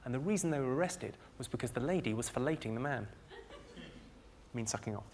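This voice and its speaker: A man with a posh southern English accent doing stand-up one-liners in a clipped, deadpan delivery, recorded live at a comedy show. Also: medium pitch, fast, slight background noise. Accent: English, southern received pronunciation. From England, home counties. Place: live comedy venue with audience. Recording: live show recording with loud audience laughter.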